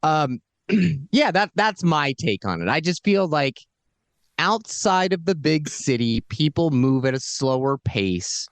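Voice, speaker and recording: A man in casual podcast chat, telling long rambling stories with animated delivery. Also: fairly high pitch, slow pace, gravelly, dry recording.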